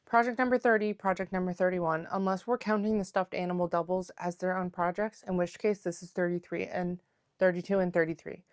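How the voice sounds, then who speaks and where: This knitting vlogger talks a little fast in a lowish, steady voice, speaking from home in a loose, rambling way full of fillers. She's playful and keeps addressing her viewers as besties. The audio has studio quality with no echo.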